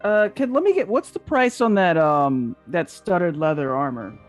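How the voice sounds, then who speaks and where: A tabletop player asking hesitant, unhurried questions in casual play. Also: medium pitch, animated, faint music behind.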